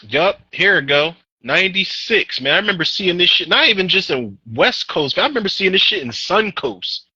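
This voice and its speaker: Man, podcast co-host, very bright voice, dull dry lo-fi sound, profane ranting, sore throat. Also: sits high, normal speed, few pauses, breathy edge, no echo. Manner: profane, ranting, animated movie talk. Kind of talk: casual chat.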